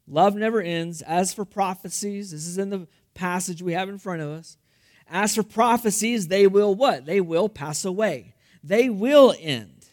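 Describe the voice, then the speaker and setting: High-voiced guy preaching, gets loud then goes quiet, keeps asking "right?". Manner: animated, shifting between loud emphasis and soft asides; speaks directly to listeners with frequent "okay?" and "right?". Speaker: pastor. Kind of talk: sermon.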